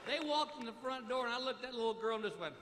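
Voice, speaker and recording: Exasperated middle-aged comedian, high yelps. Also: male voice, lively intonation, rapid-fire, heavy background noise. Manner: exasperated storytelling with high yelping outbursts. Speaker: stand-up comedian. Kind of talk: live stand-up routine. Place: large theater stage before a live audience. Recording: echoey hall, loud audience laughter. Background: loud crowd laughter and applause.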